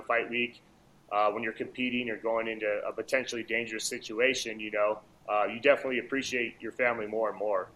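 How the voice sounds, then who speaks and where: A man in his thirties, a fighter and father, chatting in a relaxed, rambling way with many "you know"s and restarts. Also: mid-range voice, low-quality recording. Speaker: guest, MMA fighter. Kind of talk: casual interview chat.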